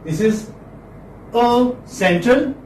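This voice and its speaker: High-voiced man teaching in an echoey room. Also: very slow, a little mellow, a little hiss or hum. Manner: encouraging, repeats key terms. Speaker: phonetics teacher. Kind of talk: classroom lecture. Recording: echoey room, far from mic.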